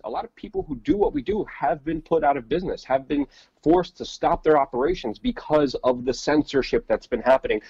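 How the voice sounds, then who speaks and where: Husky man, lo-fi remote call. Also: mid-range voice, darkish tone, dry recording. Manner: rambling, repeats words, many fillers. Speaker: podcast co-host reporting from the field. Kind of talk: casual live-stream chat.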